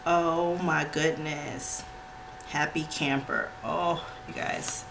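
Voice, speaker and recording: A woman hosting a planner unboxing vlog, gushing and squealing with excitement. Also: sits low, slow pace, gravelly. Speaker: planner channel host. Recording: noisy home recording with clicks.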